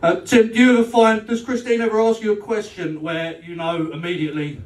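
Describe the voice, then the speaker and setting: His voice sits high with little pitch movement and a fairly quick delivery as he does live stand-up in a club function room. Cheeky and profane, he ribs the crowd and dramatizes rows with his girlfriend, captured as roomy sound from a distance.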